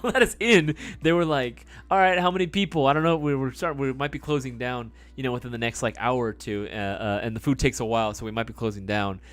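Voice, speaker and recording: A young man telling a story on a live stream in a rambling, casual way, with lots of fillers and swearing. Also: mid-range voice.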